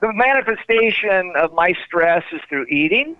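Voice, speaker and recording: A man's voice: high-pitched, lively intonation, moderate pace, no echo. A man guest on an interview, telling road stories animatedly and acting out quoted dialogue over a phone call. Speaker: guest, former tour manager. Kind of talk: storytelling interview. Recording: tinny phone line, dry.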